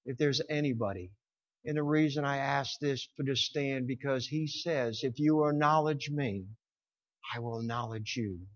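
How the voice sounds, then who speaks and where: A man preaching a sermon with passion, swelling to loud emphatic peaks and dropping low, sometimes stumbling over words. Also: moderate pace, muffled recording.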